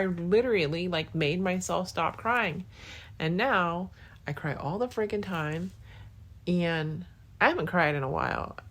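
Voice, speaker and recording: A young woman hosting her own podcast, talking to her partner in a casual, rambling, heartfelt way with lots of "like" and restarts. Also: deep voice. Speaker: podcast host. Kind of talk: casual spoken diary to a partner.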